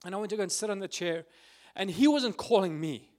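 A fairly high-voiced man speaks earnestly to a prayer gathering, telling his story in an informal, heartfelt way. He sounds close to tears at times and fills his pauses with hesitations. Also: lively intonation, darkish tone. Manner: earnest, emotional, with frequent fillers. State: tearful at times.

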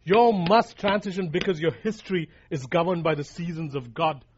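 High-voiced male preacher, emphatic sermon. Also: moderate pace, a little hiss or hum. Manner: emphatic, repeats lines for emphasis, addresses listeners as guys. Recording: dull lo-fi recording.

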